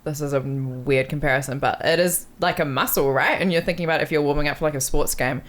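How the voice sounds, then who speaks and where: A woman from New Zealand with a Kiwi accent, hosting a podcast, chatty and quick to laugh. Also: deep voice. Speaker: podcast host. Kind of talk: casual chat. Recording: faint background noise.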